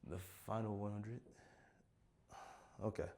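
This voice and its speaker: Man, very low voice, weary counting, plodding and sleepy. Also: fairly even intonation, slow pace, a little mellow. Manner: tired, plodding counting with sighs and slips. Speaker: content creator.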